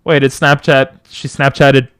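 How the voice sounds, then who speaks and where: A young man streaming from home on a close boom mic, rambling and joking as he answers chat. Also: little pitch movement, unhurried, fairly bright tone, clean tone, dry recording. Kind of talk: casual live-stream chat. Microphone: boom mic close to the mouth.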